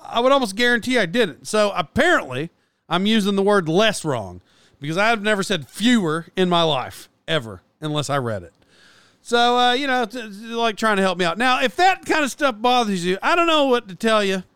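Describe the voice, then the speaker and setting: A man's voice: sits high, sing-song, a little fast, a bit bright, clear, resonant tone, no room sound, clean studio sound. A man in his forties hosting his podcast, chatting in a rambling, self-deprecating way with lots of fillers and restarts. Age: 40s. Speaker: podcast host. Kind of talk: casual rambling monologue.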